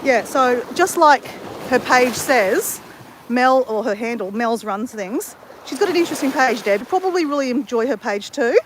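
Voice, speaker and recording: A woman's voice: on the high side, animated, moderate pace, a little hiss or hum. An Australian woman chatting casually to viewers on a livestream from a beach, rambling and correcting herself as she talks. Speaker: livestream vlogger. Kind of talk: casual live chat to viewers. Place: outdoors on a beach.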